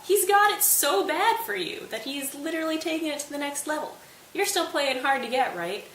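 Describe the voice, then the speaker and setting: A woman playing an eager, oblivious old father and royal adviser, speaking excitedly in casual modern slang. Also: mid-range voice, normal speed, natural voice. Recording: echoey room, distant mic, faint hiss.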